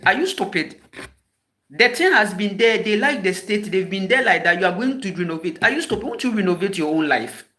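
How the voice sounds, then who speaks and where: With a high-pitched, animated, brisk voice, a Ghanaian spiritual teacher delivers an impassioned address. He scolds emphatically and keeps repeating fiery, sharp rhetorical questions.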